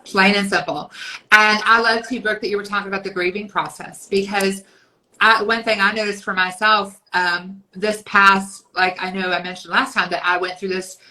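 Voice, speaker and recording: A woman in her fifties co-hosting a casual podcast chat, talking bluntly and emphatically, swearing freely and acting out inner voices in quick asides. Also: medium pitch, steady tone, pushed and bright, rough recording. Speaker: podcast co-host.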